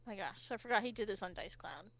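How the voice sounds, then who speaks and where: A woman narrating as game master of a tabletop game, with lots of fillers and hesitant pauses. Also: medium pitch, lively intonation, fairly bright tone, muffled recording.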